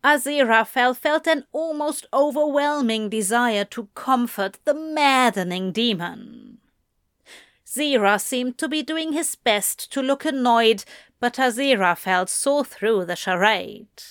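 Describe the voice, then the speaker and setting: A woman narrating a fan fiction story aloud with measured, expressive delivery. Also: on the high side, clean tone, no echo, studio quality. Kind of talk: audiobook reading of fan fiction.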